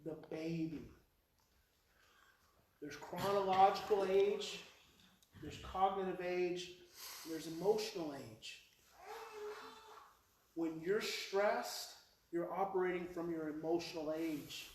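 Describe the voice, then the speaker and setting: A man speaking at a live presentation, relating a story in a high voice that swings into loud mimicry of a screaming child. He is heard from some distance in an echoey hall. Faint noise sits under the whole recording. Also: takes it slowly, long pauses. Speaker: parenting speaker.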